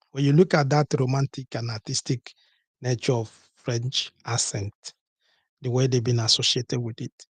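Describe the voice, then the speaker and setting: Gravelly husky-voiced man hosting a podcast. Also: medium pitch, no echo. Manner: rhetorical, repeats points with "okay?" and "what?". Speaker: podcast host. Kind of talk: solo podcast talk.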